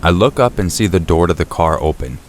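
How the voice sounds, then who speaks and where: A man narrating a true scary story in the first person, in a steady, low-key storytelling voice. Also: brisk, a little hiss or hum. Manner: steady, low-key storytelling, rising sharply for shouted quotes. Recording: faint rain and thunder behind.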